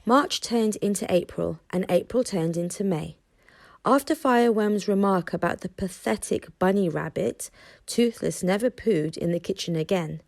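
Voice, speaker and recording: Slow, expressive woman reading a storybook. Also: mid-range voice, gravelly, no echo, studio quality. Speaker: reader. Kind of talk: children's audiobook narration.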